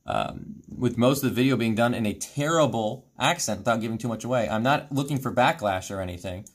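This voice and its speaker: A man co-hosting a stream, commenting casually and reading forum posts aloud with quick asides. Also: medium pitch, slightly rough. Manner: animated, quick, reads quotes in asides. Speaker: streamer co-host.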